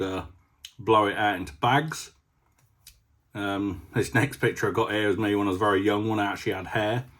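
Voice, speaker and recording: A young adult man, chatting casually as a farming vlogger and rambling through stories with lots of ums. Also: lowish voice. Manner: rambling, with many ums and a storytelling drift. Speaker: farmer vlogger. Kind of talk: casual vlog chat.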